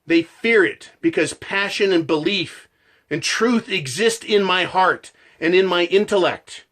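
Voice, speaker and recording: A man's voice: high-pitched, measured pace, fairly bright tone. A man delivering a passionate, profane ranting monologue as a channel host.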